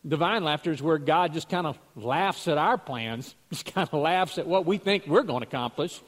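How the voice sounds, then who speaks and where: A man's voice: fairly high pitch, normal speed. A man, the pastor, giving a conversational sermon, telling stories with chuckles and repeating words as he goes.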